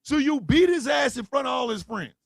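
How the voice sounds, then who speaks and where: A man co-hosting a casual podcast chat, talking with lots of profanity and loudly acting out quotes. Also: very high-pitched, expressive, fairly quick, creaky, dry recording, studio quality. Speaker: podcast co-host.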